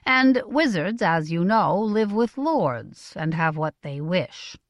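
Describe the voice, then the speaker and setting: A stern middle-aged merchant father, as a woman reader gives him voice, speaks in an earnest, deliberate way. His pitch moves freely as he weighs each word, and the recording is close and dry. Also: big pitch swings, no room sound. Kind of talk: audiobook character voice.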